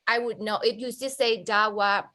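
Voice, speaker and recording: A woman's voice: mid-range voice, fairly even intonation, normal speed, bright, forceful tone. A woman student in a language class, pressing her teacher with long, probing questions. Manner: probing, argues her point at length.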